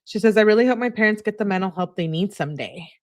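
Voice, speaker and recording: A woman's voice: medium pitch, fast. A woman hosting a true crime channel, reading text messages aloud in an easygoing way and chatting to her viewers between them.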